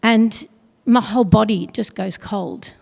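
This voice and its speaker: A middle-aged woman telling a personal story on stage at an awards event, earnest and pausing heavily. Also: mid-range voice, vocal fry, a little mellow. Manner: earnest, heavy pauses, quotes others in dialogue. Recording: long hall reverb.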